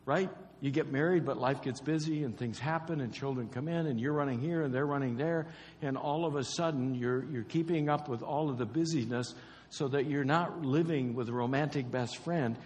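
A man's voice: medium pitch, moderate pace, darkish tone. Man preaching in a reverberant hall. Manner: conversational, repeats key phrases, quizzes the congregation. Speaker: pastor. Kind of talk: sermon.

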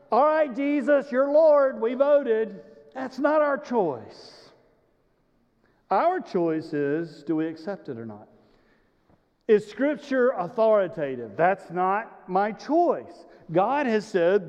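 A male pastor with a high voice delivers a sermon in a church, telling the story animatedly and speaking straight to his congregation. The sound is dull and muffled, carried by a long echo through the hall. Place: church sanctuary. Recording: muffled recording in a large reverberant hall.

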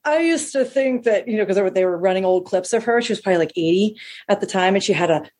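A woman with a breathy, airy voice tells stories in an easy conversation. She is animated and laughs readily. She slips into high-pitched impressions when she quotes people. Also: rapid-fire. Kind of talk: casual storytelling chat.

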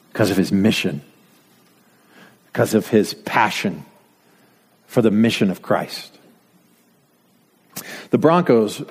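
A man's voice: fairly low pitch, slightly rough. A man from Denver preaching a sermon, full of rhetorical questions and dry asides. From Denver, United States. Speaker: pastor. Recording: long reverb from a hall.

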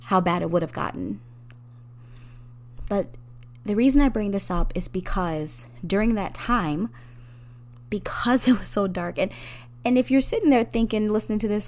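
An earnest woman speaks straight to her listeners in a personal podcast monologue. Her voice is mid-pitched, and she talks with heartfelt warmth, laughing softly and pressing harder on the words that matter most. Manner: earnest, heartfelt, with soft laughs and rising emphasis. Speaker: podcast host.

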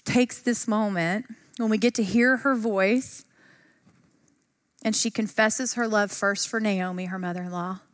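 A woman's voice: fairly high pitch, a bit bright. A woman teaching a Bible study lesson in a chatty, enthusiastic way. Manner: enthusiastic, chatty, uses fillers.

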